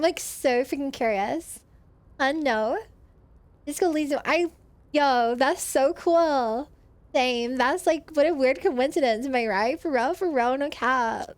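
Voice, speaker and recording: A woman's voice: high voice, dry recording. A woman putting on a ditzy young valley girl voice, filling every sentence with "like" and slang. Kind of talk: put-on voice for a stream reward.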